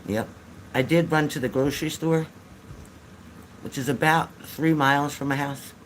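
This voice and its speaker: A man's voice: on the high side, steady tone, normal speed, fairly bright tone, slight background noise. An older man hosting a casual livestream from home, talking into a phone or webcam, chatty and repeating himself as he tells stories with frequent laughs. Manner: chatty storyteller who laughs often, repeats phrases. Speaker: livestream host.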